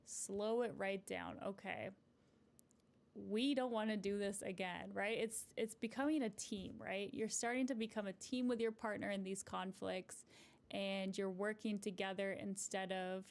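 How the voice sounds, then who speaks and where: A woman couples therapist giving live advice and answering viewer comments, gentle and encouraging, often checking in with a "right?" at the end of a point. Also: medium pitch, fairly even intonation, unhurried.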